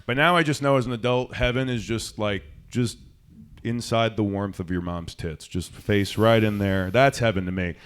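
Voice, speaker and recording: A man's voice: on the low side, moderate pace, smooth. Young man, stand-up comedian, resonant voice, rambling, self-deprecating, comedy club mic. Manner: self-deprecating, rambling, swings from loud to mumbled.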